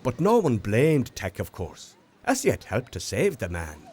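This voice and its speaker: A man gently narrating a children's storybook in an expressive, unhurried way. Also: on the low side, slight background noise. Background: music.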